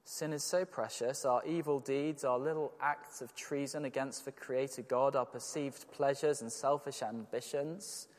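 A man's voice: medium pitch, fairly even intonation, moderate pace, few pauses, a little mellow. A man preaching a sermon, earnest and emphatic, with rhetorical questions. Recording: long church reverb.

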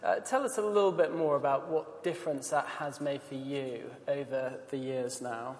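A man hosting the question session after a talk, polite and measured as he poses questions. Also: mid-range voice, steady tone, darkish tone. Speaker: event host. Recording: echoey reverberant hall.

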